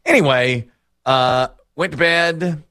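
A man's voice: a little high, slow pace, bright, forceful tone, dry recording, studio quality. A middle-aged man hosting a casual chat, telling rambling, self-deprecating stories and laughing often.

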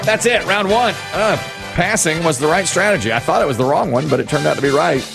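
Lively game show host man. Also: fairly high pitch, fast, gravelly, loud music behind the voice. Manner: lively, joking, animated. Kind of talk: hosting a quiz show.

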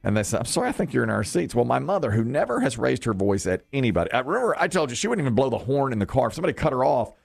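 A man co-hosting a morning radio show, telling stories in casual chat and jumping into high voices for quotes. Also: very fast, creaky, few pauses. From American South. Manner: animated storyteller, jumps to high voices for quotes.

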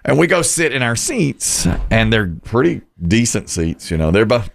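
A man hosting a radio talk show, telling stories in a casual, animated way and acting out the voices of the people in them. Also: mid-range voice, normal speed, gravelly. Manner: animated storyteller, acts out voices in quotes. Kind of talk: casual storytelling chat.

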